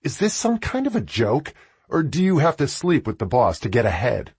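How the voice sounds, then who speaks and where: A biting, sarcastic office worker in an audiobook scene, voiced by a man whose voice is pushed well higher than his own. The delivery swoops and jabs, and the husky tone makes each line cut. The recording is dry and close. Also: sing-song, moderate pace, no echo. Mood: furious sarcastic. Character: angry office woman, sharp and sarcastic.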